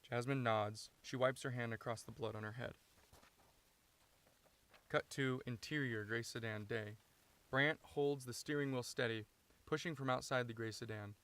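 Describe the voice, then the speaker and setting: A man reading his own screenplay aloud, steady and matter-of-fact, inside a parked car. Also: medium pitch, normal speed, pauses often. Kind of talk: script read-through narration.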